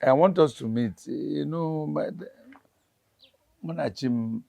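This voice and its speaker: A man's voice: on the high side, slow, creaky, mellow, dry recording, full character voice. An actor with a Nigerian accent playing an exasperated middle-aged father in a film drama, hesitating with many fillers. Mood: hesitant.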